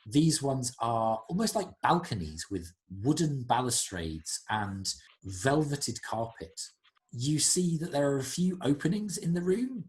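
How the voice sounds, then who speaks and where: A man narrating as game master, describing scenes in an unhurried, descriptive way. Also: mid-range voice.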